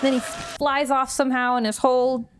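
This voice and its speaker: A woman guest in a casual movie chat, retelling scenes in an animated way and repeating words. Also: high-pitched, normal speed, noisy background. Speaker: podcast guest.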